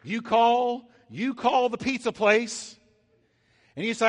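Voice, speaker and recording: High-voiced preacher in a reverberant hall. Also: male voice, expressive, a little slow. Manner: emphatic preaching with sudden loud and soft swings; acts out little scenes with comic voices. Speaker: pastor. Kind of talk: sermon.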